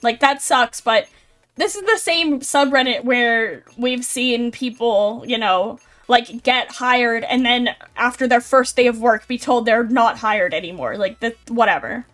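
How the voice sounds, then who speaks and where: A woman's voice: a little high, fairly bright tone. Chatty young woman with faint music. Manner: chatty, filler-heavy, wry and blunt. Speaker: streamer. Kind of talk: casual stream commentary on posts.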